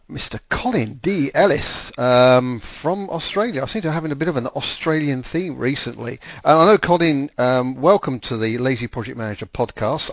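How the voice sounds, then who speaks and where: A man's voice: mid-range voice, no room sound. A man hosting a podcast, chatting casually with lots of ums and restarts. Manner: rambling, with many fillers and restarts. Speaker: podcast host.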